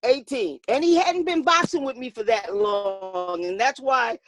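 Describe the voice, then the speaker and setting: A woman boxing coach telling a story in an interview, animated, acting out the voices of the people in it and laughing often. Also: a little high, unhurried, dry recording, faint music behind.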